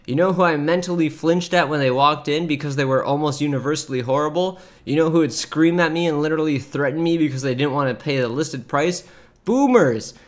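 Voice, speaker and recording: A man's voice: a little high, brisk. A man in his thirties giving casual reaction commentary as a streamer, chatty, breaking into laughter often and reading posts aloud with asides. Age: 30s.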